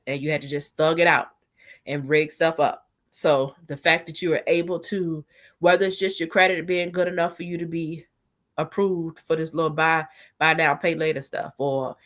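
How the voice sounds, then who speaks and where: A woman in her forties telling a personal story in a casual storytime vlog, chatty and heartfelt, often asking the viewer if they follow. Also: low-pitched. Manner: chatty, heartfelt, leans on "you know what I'm saying". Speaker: vlogger.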